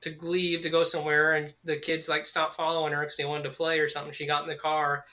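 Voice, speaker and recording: Woman podcast cohost, bright voice, rambly and sweary, lots of ums. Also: low-pitched, level tone, fast. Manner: rambling, swears freely, many fillers. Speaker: podcast co-host. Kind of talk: casual chat.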